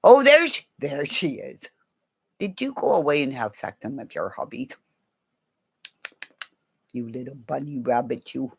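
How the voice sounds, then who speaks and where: Chatty woman, slow and lively. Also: extremely low pitch, creaky, husky. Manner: chatty, playful, laughs often. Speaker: livestream host. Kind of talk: casual livestream chat.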